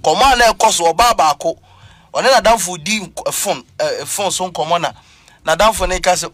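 A man with a Ghanaian accent, talking as a preacher on a church talk show, lively and emphatic as he mixes Twi and English. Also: on the high side, brisk.

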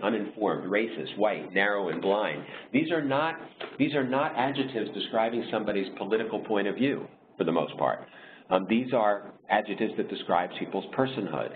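A man presenting a webinar over slides, explaining in a measured way with frequent pauses and restarts. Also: lowish voice. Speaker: diversity consultant leading a webinar. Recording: tinny phone-like line with faint noise.

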